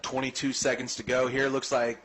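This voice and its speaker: A man doing easygoing color commentary for high school football radio, adding names and stats. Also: monotone, fairly quick, fairly bright tone, slight background noise.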